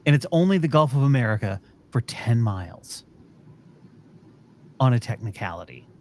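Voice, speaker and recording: A man's voice: mid-range voice, big pitch swings, moderate pace. A man hosting a podcast, ranting in a profane, exasperated way during casual chat. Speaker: podcast host.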